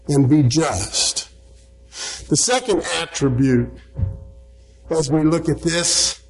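A man delivers a sermon in a high voice, taking his time over each phrase. He leans on key words with emphatic weight and cites chapter and verse as he goes. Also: rough recording. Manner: slow, emphatic preaching, quoting scripture references. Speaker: preacher.

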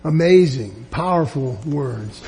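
A man's voice: a little high, animated, slow, darkish tone, faint music behind. A man teaching a verse-by-verse Bible lesson, earnest and emphatic, often restarting his sentences.

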